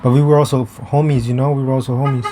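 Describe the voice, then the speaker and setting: A man's voice: medium pitch, level tone, racing, background noise. A young man telling a story in a casual, rambling way, with swearing and many fillers and restarts. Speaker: vlogger. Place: outdoors.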